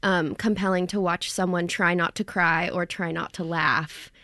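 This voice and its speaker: Female actor guest, lively, searching for words, dry close sound. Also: fairly low pitch, moderate pace, no echo. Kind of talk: casual interview answers.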